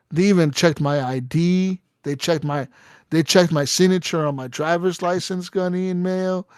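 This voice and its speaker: A young adult man, a podcast co-host, telling a story in casual, profane, animated chat. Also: high voice, normal speed, smooth, no room sound, studio quality.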